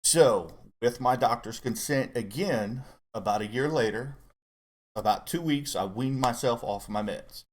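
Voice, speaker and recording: A middle-aged man telling a candid personal story in casual chat, earnest and halting as he opens up. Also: mid-range voice, slight background noise. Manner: earnest, halting, open about emotion. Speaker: co-host guest dad.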